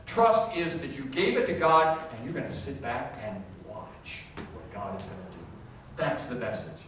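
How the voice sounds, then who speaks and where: A middle-aged man preaching a sermon as pastor, animated and self-deprecating, acting out quoted voices. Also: medium pitch, normal speed, distant mic, slight background noise. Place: church sanctuary. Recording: echoey hall, voice from off-mic.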